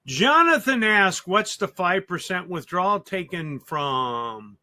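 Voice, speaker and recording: A co-host on a live webinar who chimes in to add points and reads viewers' questions aloud. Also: female voice, fairly low pitch, expressive, takes it slowly, background noise.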